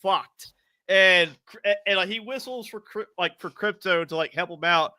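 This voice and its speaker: A man co-hosting a casual podcast film review, talking in an excitable, profane, rambling way. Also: sits high, normal speed, no room sound. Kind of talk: casual chat.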